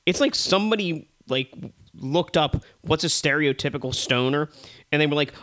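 Male co-host, slightly high voice, lively profane movie ranter. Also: moderate pace. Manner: animated, profane ranting. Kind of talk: casual chat.

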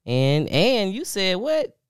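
A woman's voice: mid-range voice, sing-song, takes it slowly, smooth, dry recording, clean studio sound. A woman hosting a podcast in a casual, laid-back chat, slangy and full of fillers. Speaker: podcast host.

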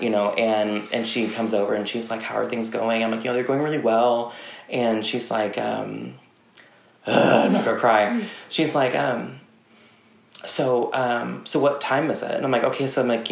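A young man chatting as a podcast guest, telling animated stories with lots of fillers and laughs. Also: fairly low pitch, creaky. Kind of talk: casual chat. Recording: roomy echo.

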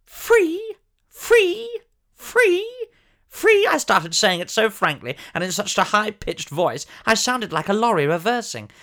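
A man's voice: sits high, big pitch swings, takes it slowly, bright, forceful tone, full character voice. A man playing a pompous, posh older former soap actor who tells a comic monologue in a plummy, theatrical voice with sudden shrieks.

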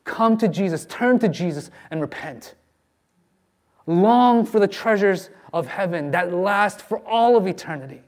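A man's voice: high voice, animated, unhurried. Give me a male pastor preaching an earnest, pleading sermon.

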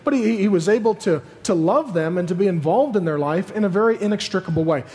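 A pastor in his thirties preaches with a strikingly high voice, acting out the voices in his stories and joking with the crowd. His voice rings out through a large hall with a long echo. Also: quick pace. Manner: animated storytelling, acts out voices, joking. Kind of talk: sermon.

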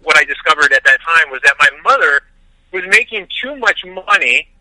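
A man from Las Vegas, a film director, telling his story as an interview guest in an animated way, often restarting his sentences. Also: a little high, brisk, no room sound, poor audio. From Las Vegas, USA.

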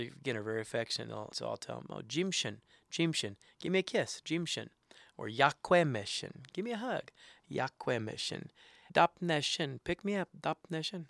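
A middle-aged man teaching words and phrases in a casual way, repeating each one slowly for learners. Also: mid-range voice, vocal fry, a bit bright, no echo, studio quality. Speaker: language teacher. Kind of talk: casual instruction.

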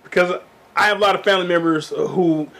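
A man's voice: high-pitched, steady tone, a little fast, vocal fry, fairly bright tone. A man co-hosting a loose, joking casual chat. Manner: loose and joking, slips into impressions.

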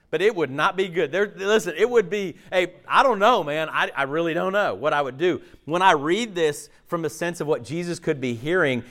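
With a slightly high voice, a male pastor preaches animatedly and conversationally, acting out the voices of the story's people.

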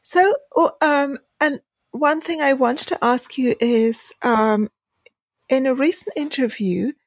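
A woman's voice: high voice, slow pace, dry recording. A woman interviewer asking questions in a friendly, hesitant way with plenty of fillers. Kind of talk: casual interview.

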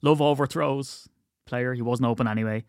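A man talks through sports news on his own podcast, mixing firm opinions with wry jokes. His voice sits at an ordinary middle pitch. The recording is dry and close, with no room sound. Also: fairly even intonation, moderate pace, darkish tone, no room sound. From United Kingdom. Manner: chatty, opinionated, wry asides. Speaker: podcast host. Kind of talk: casual solo commentary.

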